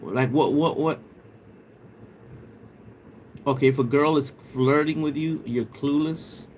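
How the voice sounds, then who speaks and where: A livestream host with a slow, a little high, a little mellow voice of bald quality chats casually with viewers and reads their comments. He jokes, laughs often and slips into an imitation British accent. There's a little hiss or hum on the audio.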